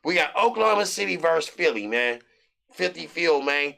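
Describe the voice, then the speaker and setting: Guy doing betting picks, raspy bright voice, kinda hyped and rambling. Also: on the high side, lively intonation, moderate pace. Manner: loose, repetitive, hype delivery with slang. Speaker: sports betting show host. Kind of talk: casual sports betting picks.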